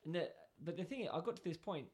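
Animated man telling a story. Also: on the high side, fast, husky. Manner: animated, acts out both sides of dialogue. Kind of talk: casual storytelling.

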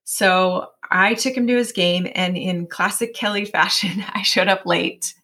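Here is a bright, clear-toned woman in her forties who speaks at a middle pitch, chatting as an interview guest. Her talk runs loose and casual, with lots of "like" and "um". She keeps slipping into lively quotes of her own inner voice. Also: a little slow. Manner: chatty, many fillers, animated self-quoting. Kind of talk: personal storytelling in an interview.

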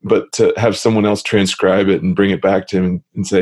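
A man hosting an interview, talking in a relaxed, hesitant way with many fillers. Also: low voice, fairly quick. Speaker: interview host. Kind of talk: casual interview chat.

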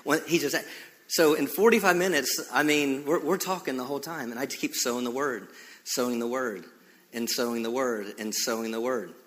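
A man preaching a sermon as pastor, animated and emphatic, telling stories with frequent restarts. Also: mid-range voice, moderate pace. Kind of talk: sermon with storytelling. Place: church sanctuary. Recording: reverberant church hall.

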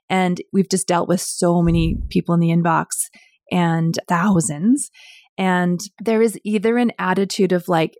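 A woman's voice: fairly low pitch, fairly even intonation, normal speed, a little mellow, no room sound, studio quality. A woman co-hosting a casual business chat, speaking earnestly and repeating phrases for emphasis. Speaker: business co-founder and podcast co-host. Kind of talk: casual conversation.

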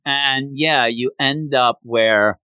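A man co-hosting a podcast, recapping a manga chapter in an excitable, rambling way. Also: mid-range voice, slow, clear, resonant tone, no room sound, poor audio. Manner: excitable, rambling, acts out quotes. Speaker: podcast co-host.

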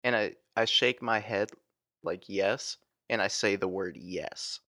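A man's voice: lowish voice, slow, pushed and bright, no room sound, studio quality. A man playing a tabletop role-playing game, plainly describing his character's actions. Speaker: player.

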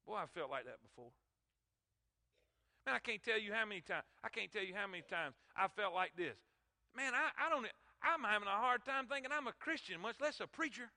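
A man's voice: high-pitched, animated, brisk, bright, forceful tone. A man preaching a sermon, emphatic and calling out to his congregation. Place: church sanctuary. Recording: long hall reverb in church.

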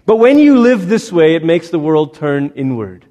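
Guy preaching a sermon, kinda high voice, long echo off the hall, acts out the quotes. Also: sing-song, normal speed, dark tone, lo-fi sound. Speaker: pastor.

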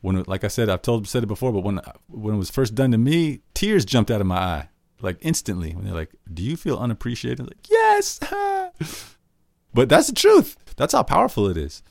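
A man's voice: on the low side, very animated, brisk, creaky, darkish tone, dry recording, studio quality. A man hosting a solo podcast, giving tips in an earnest, conversational way and acting out example questions. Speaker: podcast host.

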